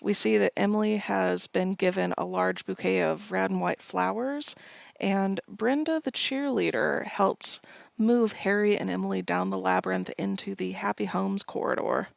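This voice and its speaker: A woman's voice: mid-range voice, steady tone, moderate pace, gravelly, dry recording. A woman co-hosting a podcast, chatting playfully and recapping a film scene by scene. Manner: playful, reads quoted lines with acted bursts. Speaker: podcast co-host. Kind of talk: casual chat and recap narration.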